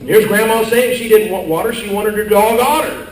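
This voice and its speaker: High-pitched older man doing stand-up. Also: normal speed, slight background noise. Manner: corny storytelling with exaggerated yelled quotes. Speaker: comedian. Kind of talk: live stand-up slide show. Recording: echoey live hall from far off with audience.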